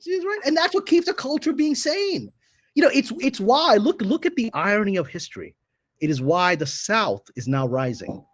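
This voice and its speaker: A man's voice: sits high, big pitch swings, normal speed, dry recording. A man, a guest on a podcast, lecturing in a provocative, opinionated way. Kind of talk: casual podcast chat.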